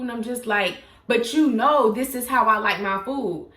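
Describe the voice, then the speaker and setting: Animated young woman telling a story. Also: normal speed, hardly any pauses, echoey room. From South Florida. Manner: animated, dramatic retelling with acted-out quotes and sudden pitch jumps. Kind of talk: casual storytime vlog.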